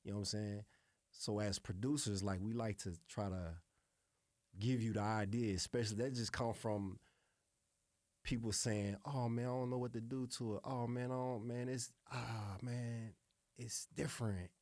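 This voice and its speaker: A middle-aged man, a music producer being interviewed, telling stories in a relaxed, salty way and often adding "you know what I'm saying". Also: on the low side, moderate pace, no echo, clean studio sound. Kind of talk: casual interview storytelling.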